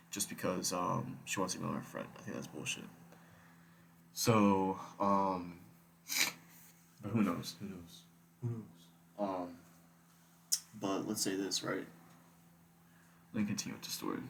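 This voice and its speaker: A young vlogger rambles through a story casually, swearing and using lots of filler words. His voice is low with vocal fry, recorded in an echoey room with background noise.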